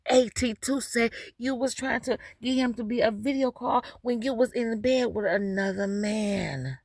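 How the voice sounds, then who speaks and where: A woman hosting a commentary show, speaking in a slow, preachy, scolding way. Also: fairly high pitch, creaky, darkish tone, no room sound. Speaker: commentary host. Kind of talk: drama commentary reacting to a clip.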